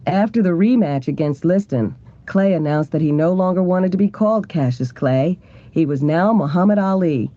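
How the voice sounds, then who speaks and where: A man's voice: high voice, normal speed, warm tone. Man reading an audiobook, muffled. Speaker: audiobook narrator.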